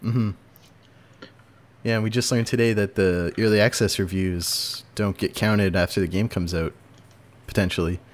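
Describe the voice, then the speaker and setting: A man's voice: on the low side, steady tone, normal speed, long pauses. A man hosting a casual podcast chat, talking loosely with fillers and frequent laughs. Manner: chatty, laughs often, fillers. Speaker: podcast host.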